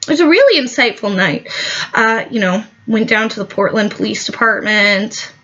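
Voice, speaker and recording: A woman's voice: mid-range voice, animated, moderate pace, fairly bright tone, muffled recording. A woman telling a satirical comic story as a monologue. She is whiny and melodramatic, and she fills her speech with "like". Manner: whiny, melodramatic, full of "like" fillers.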